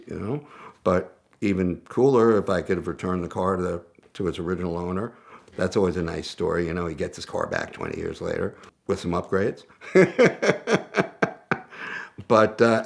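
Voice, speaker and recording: A man telling a story in a casual, animated way, often repeating himself as he goes. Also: low-pitched, vocal fry. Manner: animated, conversational, self-interrupting. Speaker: guest storyteller.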